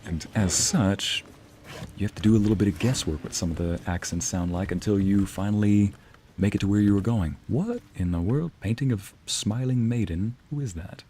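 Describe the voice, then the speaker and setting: A man's voice: lowish voice, normal speed, warm tone, slightly rough. A man streaming a video game, chatting casually with viewers and answering their messages, sometimes slipping into Spanish phrases. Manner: chatty, reads and answers chat aloud, drops into Spanish phrases.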